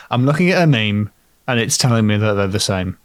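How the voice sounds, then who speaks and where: A man's voice: fairly low pitch, very animated, moderate pace, no echo. A man trading jokes and puns as a podcast co-host, his voice rising and falling freely as he talks. The sound is close and dry, with no room around it. He keeps things light and playful. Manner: playful, punning, laughs easily. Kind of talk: casual chat.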